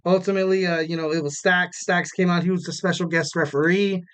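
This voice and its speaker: A young male podcast host recaps wrestling in a loose, rambling way, full of fillers and self-corrections, and he jokes and laughs at his own expense. His voice is high-pitched, clear and resonant, with a fairly bright tone. He talks fairly quickly with fairly even intonation.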